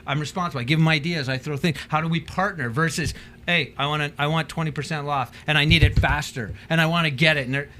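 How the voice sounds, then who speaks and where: A man chats as a business trainer on a talk show, rattling off his points at a quick clip. His voice sits a little high, and he slips into different voices to act out what people say. A faint background hiss runs under him. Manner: animated storytelling, acts out quotes in changing voices. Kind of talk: casual talk show chat.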